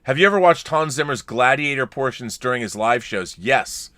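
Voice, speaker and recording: A man with a medium-pitched, bright and forceful voice co-hosts a casual podcast at a moderate pace, his intonation lively. He rambles about a film, reads out viewer comments and letters, and restarts his sentences often. The recording is dry and clean, studio quality.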